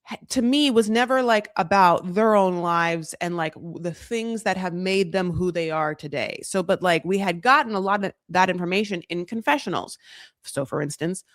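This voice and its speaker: A woman's voice: fairly low pitch, moderate pace, no echo, clean studio sound. A woman co-hosting a casual recap podcast, rambling and chatty with lots of fillers. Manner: chatty, lots of fillers, quotes people in put-on voices. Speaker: podcast co-host. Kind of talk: casual reality TV recap chat.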